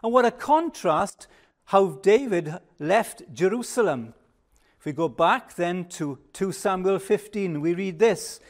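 An older man preaching a sermon, measured and emphatic, dropping to a hush on reflective pauses. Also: high voice, lively intonation.

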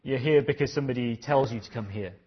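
Man, preacher, sermon, earnest, husky voice, dull lo-fi recording. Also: medium pitch, fast. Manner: earnest, questioning, repeats phrases.

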